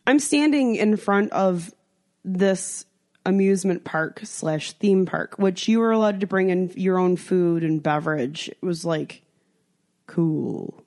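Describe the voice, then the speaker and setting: A woman's voice: fairly low pitch, takes it slowly. A young American woman co-hosting a podcast, telling a travel story with lots of swearing and acted-out quotes. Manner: animated storyteller, swears freely, acts out quotes. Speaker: podcast co-host. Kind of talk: casual chat.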